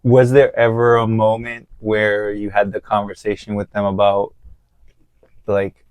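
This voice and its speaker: A man's voice: on the low side, monotone, unhurried, darkish tone, clean tone, dry recording. A man hosting a casual interview, asking rambling questions and nodding along with frequent "yeah" and "right". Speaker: podcast host.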